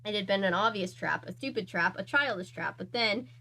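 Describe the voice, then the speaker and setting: Woman reading a dark fairy tale aloud. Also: mid-range voice, a little fast, low-quality recording. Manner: earnest, breaks off to react. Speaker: channel host reading aloud.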